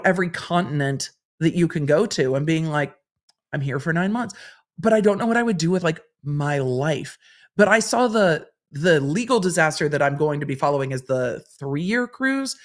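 A woman's voice: fairly low pitch, lively intonation, normal speed. Chatty woman hosting a livestream. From Los Angeles. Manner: chatty, repeats phrases for effect. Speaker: host and lawyer commentator. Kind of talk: casual livestream chat reading comments.

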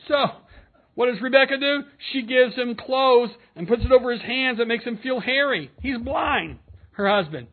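A man's voice: very high-pitched, animated, normal speed. A man, a pastor, preaching an earnest sermon, reading scripture aloud and commenting between the verses. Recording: narrow phone-like sound.

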